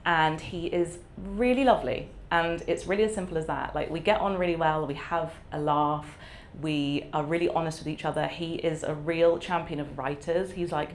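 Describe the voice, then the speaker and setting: A woman's voice: sits low, moderate pace, hardly any pauses, a little hiss or hum. A woman author, talking candidly and reflectively at a live event, with lots of fillers and easy laughter. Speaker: author guest. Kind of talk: candid conversational interview.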